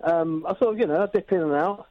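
A man's voice: on the high side, fast talker, dry recording. A man calling in to a radio show, chatty and earnest as he gives cooking advice. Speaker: caller. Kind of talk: phone-in chat. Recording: tinny phone line.

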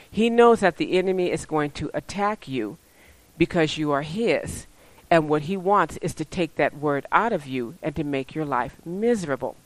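A woman preaching a sermon, animated and often laughing, who slips into playful high voices when she quotes people. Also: no room sound, rough recording.

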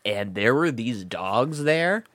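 A young man rambles through a casual podcast story, cursing and joking as he goes. His pitch swings widely between high and low. The sound is close and dry. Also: animated, slow pace, fairly bright tone, no room sound. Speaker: podcast host. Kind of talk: casual chat.

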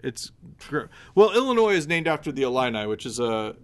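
A man's voice: mid-range voice, sing-song, brisk, smooth. A man co-hosting a podcast in casual chat, rambling and hesitant with many fillers. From American Midwest. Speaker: podcast co-host.

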